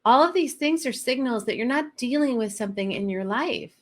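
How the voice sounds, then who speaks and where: A woman's voice: fairly high pitch, lively intonation, brisk. A middle-aged woman coach talking candidly and heartfelt to her viewers, confessional and direct. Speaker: coach and host. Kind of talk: candid talk to camera.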